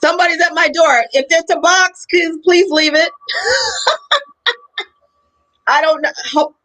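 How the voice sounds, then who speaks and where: A woman's voice: extremely high pitch, expressive, a little slow, a bit bright, low-quality recording. A woman hosting a livestream over a video call, chatting casually, laughing often and telling stories with animation. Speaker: livestream host.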